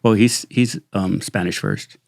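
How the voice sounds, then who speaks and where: Gravelly low-voiced retired lawman. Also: measured pace, dry recording, clean studio sound. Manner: animated, slangy, says "dude" constantly. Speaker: retired sheriff's lieutenant, podcast guest. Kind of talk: casual storytelling chat.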